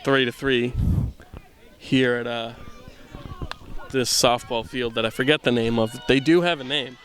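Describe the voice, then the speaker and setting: A man from the Boston area giving casual play-by-play commentary at a softball game outdoors, full of rambling, self-deprecating jokes. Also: mid-range voice, fairly even intonation, a little slow.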